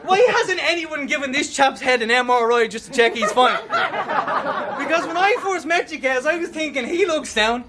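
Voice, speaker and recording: A man's voice: extremely high pitch, animated, normal speed, heavy background noise. A man performing rap battle verses at an outdoor event, taunting and mocking his opponent and laughing between bars. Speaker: battle rapper.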